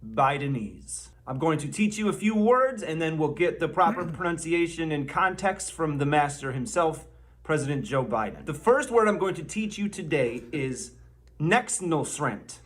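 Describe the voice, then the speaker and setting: A man's voice: a little high, expressive, moderate pace. A man narrating a comedy video as a mock teacher, drawing out his examples. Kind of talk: mock lesson.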